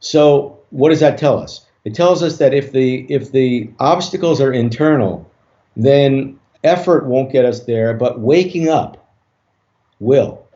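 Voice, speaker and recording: A man, a hypnotist guest on an interview show, tells a story in a relaxed way with many fillers and restarts. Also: medium pitch, a little slow. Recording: dull lo-fi audio.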